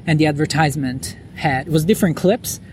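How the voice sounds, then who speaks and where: The man talks fairly quickly in a high-leaning, slightly mellow voice, with a little hiss or hum behind it. He's a podcast guest in a relaxed interview recorded on a lawn outside at night, rambling through frequent fillers and restarts.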